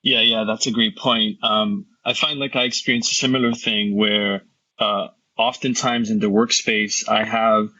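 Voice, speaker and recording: A man with a bright but husky voice keeps a panel moving. He affirms each point casually before tossing out the next question. The audio is dull and lo-fi. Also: on the low side, level tone, normal speed. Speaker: panel moderator. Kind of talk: candid panel discussion.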